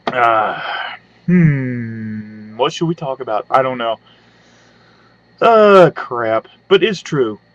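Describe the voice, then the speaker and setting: A man's voice: mid-range voice, expressive, slow pace, pauses often, fairly bright tone, no room sound. A man doing a profane, rambling, sarcastic comedy rant, with lots of hums and side remarks, recorded on a webcam at home. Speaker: webcam vlogger. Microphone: webcam mic. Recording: dull lo-fi webcam audio.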